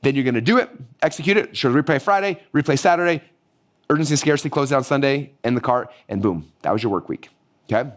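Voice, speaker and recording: Hyped-up, hoarse man teaching fast. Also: mid-range voice. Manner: energetic, hyped-up, rapid-fire. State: hoarse from losing his voice. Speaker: marketing course instructor. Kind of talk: live online workshop teaching.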